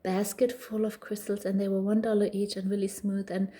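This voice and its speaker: A woman in her thirties talks straight to camera about raising her daughter, chatty and unpolished, full of ums and restarts. Her voice is mellow and warm, sitting at a middle pitch. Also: little pitch movement, brisk. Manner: chatty, frequent fillers and restarts. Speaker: parenting vlogger. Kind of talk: casual storytelling monologue.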